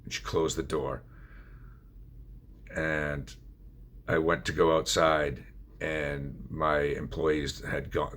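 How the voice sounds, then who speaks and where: A man's voice: extremely low pitch, a bit bright, a little hiss or hum. A middle-aged man telling his own story of addiction in a blunt, confessional way, swearing freely. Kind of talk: candid personal storytelling.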